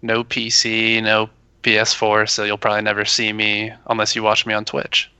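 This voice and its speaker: A man with a low but bright, sharp-edged voice guests on a podcast, full of goofy, self-mocking jokes. The recording is dry, with no room sound at all. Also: monotone, moderate pace, smooth, no room sound. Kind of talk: casual podcast banter.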